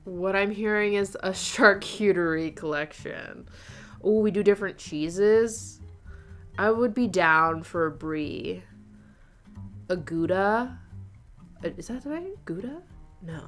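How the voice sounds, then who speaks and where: A woman's voice: mid-range voice, measured pace, faint music behind. A woman hosting a casual knitting livestream, chatting and reading viewer comments aloud with frequent laughter. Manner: chatty, laughs often, reads chat aloud.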